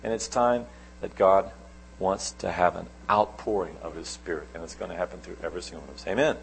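Gravelly-voiced animated male preacher. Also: low voice, fairly quick, a little hiss or hum, rough recording. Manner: animated storytelling, sudden loud and soft swings. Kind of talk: sermon.

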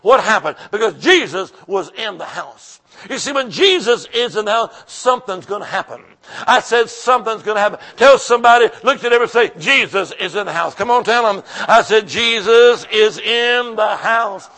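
High, bright-voiced exuberant revival preacher man. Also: lively intonation, fairly quick. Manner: exuberant, call-and-response, drops to soft storytelling. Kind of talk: revival sermon with storytelling.

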